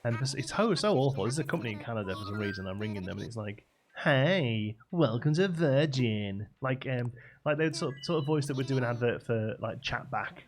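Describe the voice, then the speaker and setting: A man's voice: mid-range voice, animated, quick pace, few pauses, slight background noise. A man chatting casually while live-streaming a game, rambling and laughing between stories. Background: game music.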